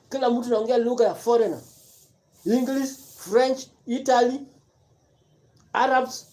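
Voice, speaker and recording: Fired-up commentator, mellow voice. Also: mid-range voice. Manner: repetitive, emphatic, rhetorical questions. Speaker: live-stream commentator. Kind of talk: impassioned political rant mixing Swahili and English.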